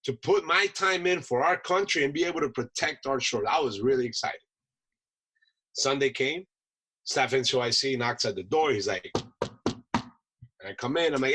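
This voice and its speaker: Veteran guest, male, bright husky voice, animated storyteller. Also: medium pitch, normal speed, pauses often, rough recording. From United States. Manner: animated storyteller acting out voices, laughs often. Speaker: podcast guest, Marine veteran chef. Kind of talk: casual storytelling.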